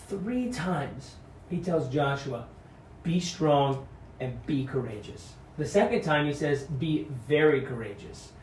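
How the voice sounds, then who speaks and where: A man's voice: on the high side, takes it slowly, darkish tone, a little hiss or hum. A man giving an earnest devotional sermon that urges courage and repeats key phrases, recorded off-mic in a room. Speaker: pastor. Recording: echoey room, mic at a distance.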